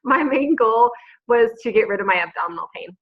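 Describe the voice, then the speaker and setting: A woman, a pharmacist and mother, telling her personal story earnestly on a group call from home, with many pauses and fillers. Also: fairly high pitch, lively intonation. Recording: dull lo-fi call audio.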